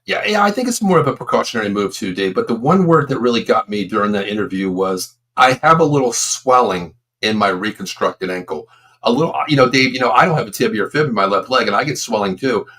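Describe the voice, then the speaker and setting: A man's voice: medium pitch, animated, fast talker, few pauses, a bit bright. A man in his fifties, a former football coach, co-hosting a casual sports talk show and telling long, emphatic stories. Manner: emphatic, rambling storyteller.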